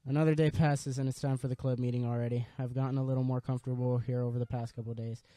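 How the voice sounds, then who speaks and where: A man's voice: medium pitch, level tone, fast, dark tone, no echo. A man casually reading a visual novel aloud for a let's-play video, dropping in wry asides.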